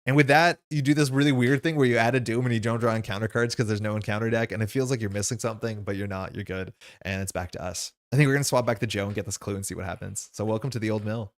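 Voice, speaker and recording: A man's voice: on the low side, fast, hardly any pauses. A man playing a card game on stream, thinking aloud as he explains the rules and his choices in a casual way.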